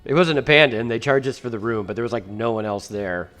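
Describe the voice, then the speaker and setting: A man's voice: medium pitch, quick pace, music in the background. A man co-hosting a casual movie review podcast, talking bluntly and swearing freely. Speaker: podcast co-host.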